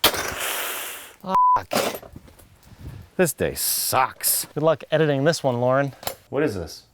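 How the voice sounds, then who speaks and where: A man's voice: medium pitch, very animated, moderate pace, noisy background. Exasperated home repair man muttering. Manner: muttering, self-mocking and exasperated. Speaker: home repair video host. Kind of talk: casual on-the-job chatter.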